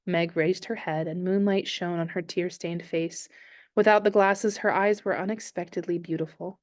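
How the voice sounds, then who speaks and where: Low-voiced woman reading a novel aloud. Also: moderate pace, no room sound, clean studio sound. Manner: calm, steady storytelling. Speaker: teacher.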